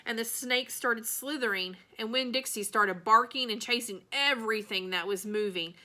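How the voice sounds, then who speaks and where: Woman reader, bright tone, children's novel read aloud, light character voices. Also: a little high, moderate pace.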